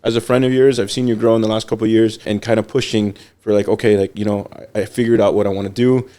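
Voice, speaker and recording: A man in his thirties, a shop owner chatting as a podcast guest, talking fast and earnestly and laughing often. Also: fairly low pitch, little pitch movement, dark tone. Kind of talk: casual chat.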